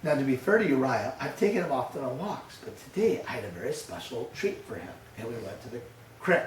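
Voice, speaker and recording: An older man, a pastor, giving a sermon with lively storytelling, acting out his grandson's voice. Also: mid-range voice, a little fast, noisy background. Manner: storytelling, animated, acts out a toddler's voice. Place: church. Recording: echoey church room heard from a distance.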